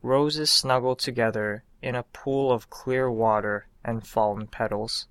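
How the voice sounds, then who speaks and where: A man reading his own short story aloud in a calm, unhurried storytelling manner. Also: mid-range voice, clean tone, no room sound. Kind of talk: scripted narration of a short story.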